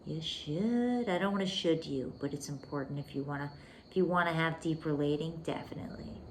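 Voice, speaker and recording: Against slight background noise, a woman whose voice sits low talks a little fast as the host of a relationship podcast. She coaches intimately and with emphasis, addressing the listener as "baby" and slipping into whispers to drive points home.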